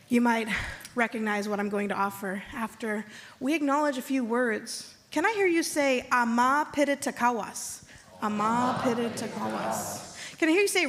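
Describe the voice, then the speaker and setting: A woman serving as tribal chairwoman, giving a measured, earnest land acknowledgement and calling on the audience to repeat words after her. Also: a little high. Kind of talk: ceremonial address to an audience. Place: conference hall.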